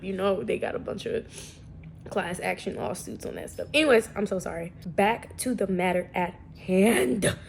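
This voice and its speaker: Speaking at medium pitch and a moderate pace, a young woman vlogs with a creaky voice, sounding a bit sniffly from allergies. Her chat is casual, rambling, slangy and self-mocking, with a little hiss or hum in the background.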